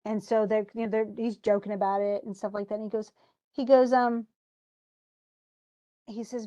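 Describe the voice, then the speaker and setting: Woman teacher, casual, paraphrases a play's lines in loose everyday speech, mid-pitched. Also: fairly even intonation, normal speed, long pauses, warm tone, highs cut off. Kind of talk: casual lesson, retelling a play.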